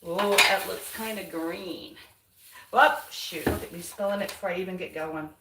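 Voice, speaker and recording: A woman chatting casually while painting her house, now and then talking to her dog in a high voice. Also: moderate pace, background noise. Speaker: home vlogger. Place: house hallway, indoors. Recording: roomy, far from the mic.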